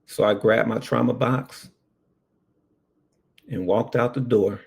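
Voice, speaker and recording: A man, a paramedic, telling a personal story in an animated, earnest way. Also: mid-range voice. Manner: slow, gravelly, animated storytelling.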